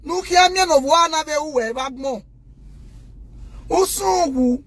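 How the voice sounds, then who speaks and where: A Nigerian woman rants straight to the camera with a very high, piercing voice. She scolds loudly and indignantly and keeps turning to her viewers to take her side. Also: takes it slowly, no room sound. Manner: scolding, loud and indignant, addressing viewers directly. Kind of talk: impassioned rant to the camera.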